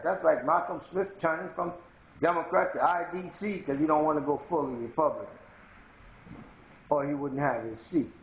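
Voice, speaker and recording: A man's voice: on the high side, vocal fry, echoey room, lo-fi sound. A man from Haiti delivering a rambling, confrontational monologue straight to his viewers in a home video blog. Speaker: video blogger. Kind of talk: ranting monologue to camera.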